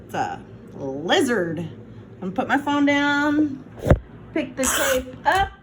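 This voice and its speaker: A woman teacher talks through a phonics lesson in a slow, patient, encouraging way, voice pitched a little high. She is recorded on a phone that she keeps setting down and picking up. A faint hiss of noise sits behind her. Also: animated. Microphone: phone, set down and picked up.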